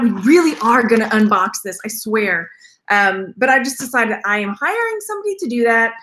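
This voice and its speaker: Bright high-voiced chatty woman host. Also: expressive, normal speed. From Texas. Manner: rambling, chatty, laughs often. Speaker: jewelry reseller, channel host. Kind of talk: live-stream chat with viewers.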